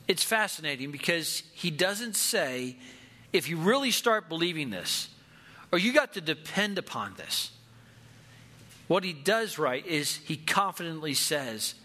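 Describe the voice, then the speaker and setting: Bright-voiced man preaching a sermon. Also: a little high, very animated. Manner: earnest, quotes scripture with slow emphatic stress. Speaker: pastor.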